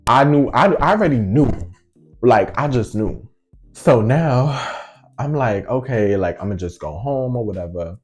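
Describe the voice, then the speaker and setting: Animated slow-talking man telling a story. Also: mid-range voice, faint music behind. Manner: animated, slangy, acts out every side of the conversation. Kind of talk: casual storytelling.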